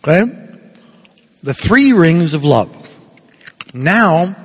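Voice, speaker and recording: A priest in his sixties giving a sermon, playful and animated, acting out little quotes as he goes. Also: a little high, takes it slowly, long pauses, breathy edge. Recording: reverberant hall.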